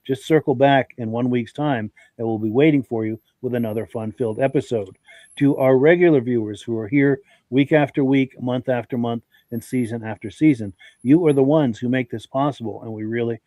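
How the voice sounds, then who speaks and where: A man's voice: mid-range voice, mellow, no echo, rough recording. A congested man hosting a live podcast, chatting in a friendly, folksy way and greeting viewers by name as he reads their comments. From Vermont. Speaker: podcast host.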